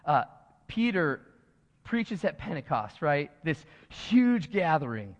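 Pastor, male, slightly high voice, earnest emphatic sermon delivery, muffled recording in a big echoey hall. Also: big pitch swings, slow. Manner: earnest, builds to emphatic preaching with fillers. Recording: dull sound in a long reverberant hall.

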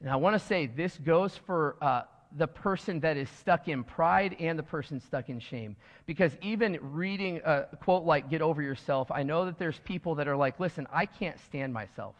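Pastor, male, slightly high voice, earnest emphatic sermon delivery, muffled recording in a big echoey hall. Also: normal speed, few pauses. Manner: earnest, builds to emphatic preaching with fillers. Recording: dull sound in a long reverberant hall.

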